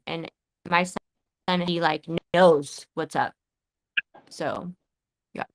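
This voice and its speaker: A woman's voice: lowish voice, takes it slowly, long pauses, no room sound, rough recording. A woman hosting a live podcast, talking in an emotional, profane way and often stopping and restarting her sentences. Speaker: podcast host.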